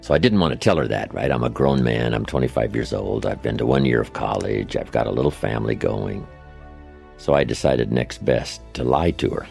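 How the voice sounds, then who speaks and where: Very deep gravelly older male speaker. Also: fairly quick, darkish tone, soft background music. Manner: anecdotal, conversational, with tag questions. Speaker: motivational speaker. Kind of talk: storytelling speech. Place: lecture setting, played from an archive recording.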